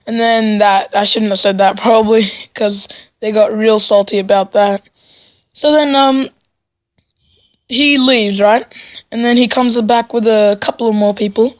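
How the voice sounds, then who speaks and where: A teenage boy rambles through a vlog story with sarcastic asides. His voice sits fairly high. He keeps checking in with "right?" as he goes. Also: steady tone, measured pace. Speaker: vlogger.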